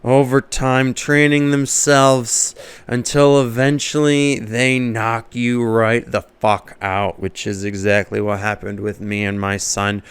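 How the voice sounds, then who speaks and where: A man's voice: mid-range voice, level tone, slow pace, smooth, dry recording. A man, a comedian, telling a comic story as a monologue and laughing often at his own jokes.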